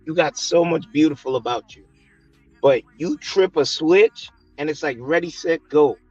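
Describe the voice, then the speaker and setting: Remote male panelist, measured and lecturing, dull dry line. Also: a little high, darkish tone, breathy edge, no room sound, faint music behind. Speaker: call-in panelist. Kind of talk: panel debate.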